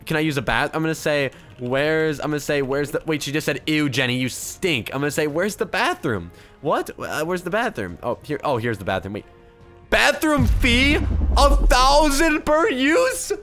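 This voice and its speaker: Excitable, high, lively-voiced man gaming. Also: a little fast, hardly any pauses, soft background music. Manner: excitable, swings from hushed murmurs to loud squeals. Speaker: gaming YouTuber. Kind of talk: Roblox gameplay commentary.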